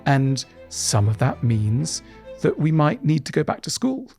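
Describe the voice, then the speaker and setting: A middle-aged man answering interview questions in an animated way, acting out little voices as he explains. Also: a little high, a little slow, faint music behind. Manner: animated, acts out voices in quotes. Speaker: guest author.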